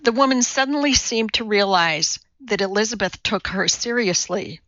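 A woman narrating an audiobook in a measured, expressive reading voice. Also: mid-range voice, no echo. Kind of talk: scripted narration. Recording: dry, slightly dull studio recording.

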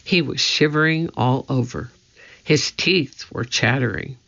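Slow children's audiobook narrator, measured, bright tone with a gravelly edge; dull lo-fi recording. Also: mid-range voice. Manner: measured, deliberate reading. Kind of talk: scripted storybook narration.

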